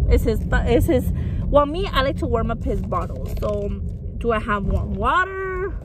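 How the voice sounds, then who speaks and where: A woman's voice: on the high side, lively intonation, moderate pace. A young woman, a vlogger and makeup artist, chatting candidly to camera, swearing freely and mixing into her English. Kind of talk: casual chat to camera. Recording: noisy traffic background.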